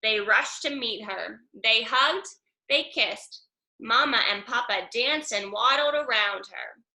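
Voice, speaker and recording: Bright, slow woman reading a picture book. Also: a little high. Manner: slow, expressive, with sound effects. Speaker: storybook reader. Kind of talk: children's picture book read-aloud. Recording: echoey room.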